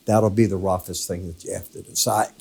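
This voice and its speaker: A man's voice: low voice, fairly even intonation, fairly quick, gravelly, darkish tone, husky. An older man hosting a daily financial market wrap-up in a conversational, emphatic way, coughing now and then from a lingering illness. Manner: conversational, emphatic, walks through charts. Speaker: market commentator, host.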